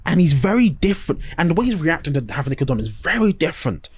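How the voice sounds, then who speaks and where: A man's voice: on the high side, very animated, fast, a little mellow, slightly rough. A man co-hosting a casual podcast chat, animatedly retelling scenes, acting out lines in voices and swearing freely. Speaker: podcast co-host.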